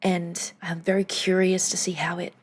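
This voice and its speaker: A woman's voice: lowish voice, level tone, normal speed, slightly rough. A woman vocal coach giving casual reaction commentary on a song, chatty and thinking aloud with small laughs.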